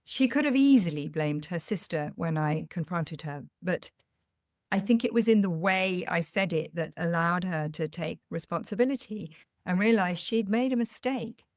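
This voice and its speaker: A woman's voice: fairly low pitch, lively intonation, normal speed, a little mellow, no echo, clean studio sound. Earnest woman, parenting coach. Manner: earnest, candid and reassuring, laughing at herself. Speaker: parenting coach, podcast host. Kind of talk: podcast monologue with personal anecdotes.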